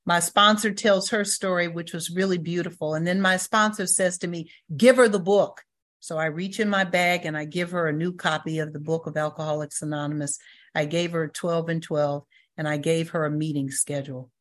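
A woman's voice: sits low, fairly even intonation, fairly quick, fairly bright tone. An older woman giving a personal testimony talk at a recovery meeting, telling stories and acting out the voices in them. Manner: storytelling, acts out quoted voices, laughs.

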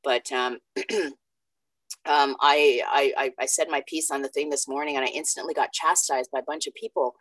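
Very low-voiced woman, candid and profane. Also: fairly even intonation, normal speed, no echo, rough recording. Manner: candid, profane, self-mocking humor. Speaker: recovery meeting member sharing. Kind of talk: personal share at a recovery meeting.

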